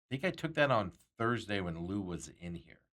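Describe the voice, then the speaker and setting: Lowish and sing-song, his fairly bright voice moves at a moderate pace. Hosting a sports talk show, he rambles casually about bets, chuckling often as he reads viewer comments.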